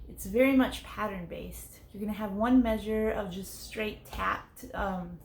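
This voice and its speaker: A woman's voice: mid-range voice, steady tone, unhurried. Echoey woman teaching drums. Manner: clear, friendly step-by-step explaining, counting beats aloud. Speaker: drum teacher. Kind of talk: casual instructional explanation. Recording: echoey room with faint ambience.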